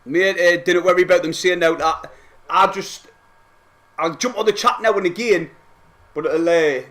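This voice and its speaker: Young lad with a high voice, streaming live football reactions and swinging between yells and quiet chat-reading. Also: male voice, normal speed. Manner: excitable, shouting and swearing at goals, then quietly reading chat.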